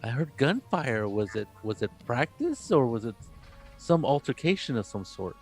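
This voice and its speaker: A man voicing an earnest traveling missionary priest, talking haltingly with many fillers. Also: mid-range voice, very animated, faint music behind. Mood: curious.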